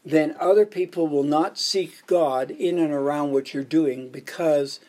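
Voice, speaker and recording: Here a pastor's voice sits on the high side, a little mellow, at a measured pace. He delivers his sermon through humorous anecdotes while counting off his points one by one.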